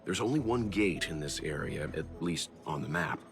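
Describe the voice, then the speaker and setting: An actor playing a calm, formal older male investigator in a video game, speaking slowly and deliberately. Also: very deep voice. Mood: steady. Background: game music.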